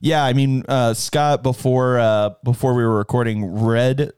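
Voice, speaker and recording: A man's voice: medium pitch, fairly even intonation, measured pace, a little mellow, clear, resonant tone, no echo, clean studio sound. A man co-hosting a casual movie podcast, chatty and laughing often. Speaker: podcast co-host.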